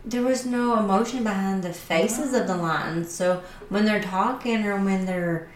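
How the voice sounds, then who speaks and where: Woman co-host chatting, tells stories all animated, echoey room a bit off mic. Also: medium pitch, unhurried, recorded from a distance, a little hiss or hum. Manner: animated storyteller. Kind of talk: casual chat. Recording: echoey room with faint ambience.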